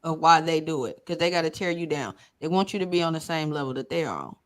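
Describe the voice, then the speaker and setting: A woman's voice: deep voice, fast. A woman hosting a casual podcast panel, asking loose, rambling questions. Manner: asks questions loosely, joking. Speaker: podcast host.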